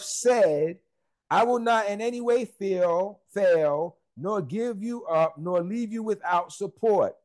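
A man's voice: high voice, darkish tone. A man preaching a sermon, emphatic and repetitive, with conversational asides to the congregation.

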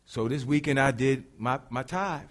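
A male pastor preaching a sermon, animated and confiding, talking straight to the congregation. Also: mid-range voice, normal speed.

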